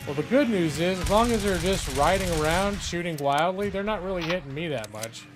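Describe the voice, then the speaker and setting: A gaming streamer who is also a lawyer gives live let's-play commentary, chatting casually, rambling and cutting off his own thoughts. His high-sitting voice is expressive and brisk, with noise in the background.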